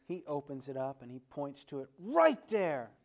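A man's voice: on the high side, very animated, normal speed. A man teaching a conversational Bible lesson. He tells a story and then asks the class questions, calling on people by name.

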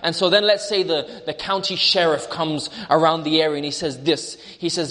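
A man's voice: a little high, fairly even intonation, moderate pace, hardly any pauses, pushed and bright, in a large hall. A male preacher delivering a sermon, storytelling through a vivid imagined scene.

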